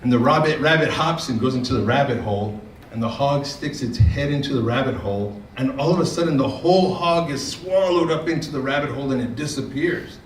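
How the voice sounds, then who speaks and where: A man speaking at a conference, telling a story and using fillers and repeated words in a relaxed way. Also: mid-range voice, fairly quick, a little hiss or hum. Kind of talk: keynote talk with storytelling. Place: large conference room. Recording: echoey room, speaker far from mic.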